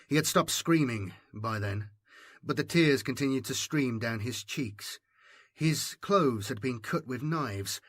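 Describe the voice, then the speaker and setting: Male narrator, mid-range voice, even storytelling, dead-dry studio sound. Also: medium pitch, a little slow, no room sound. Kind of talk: audiobook narration.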